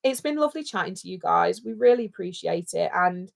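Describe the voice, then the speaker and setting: A woman's voice: on the low side, expressive, fairly quick, creaky. Chatty British woman hosting a livestream. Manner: chatty, rambling, jokey. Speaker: livestream co-host. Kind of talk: casual livestream chat.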